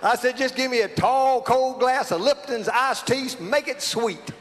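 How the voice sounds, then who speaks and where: A comedian from South Alabama with a Southern American accent tells a comic story to a live audience, his voice very high-pitched and unhurried with a fairly bright tone. The sound is big-room, and his folksy, exaggerated delivery keeps breaking into laughter.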